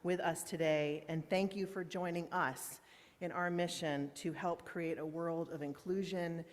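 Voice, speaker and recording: A woman's voice: lowish voice, steady tone, a little slow. A woman minister welcoming her congregation in an informal, friendly way, with fillers and the odd slip. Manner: warm, informal, with fillers and slips. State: emotional, holding back tears. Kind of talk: welcome and announcements in a church service. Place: large church meetinghouse. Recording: long church reverb.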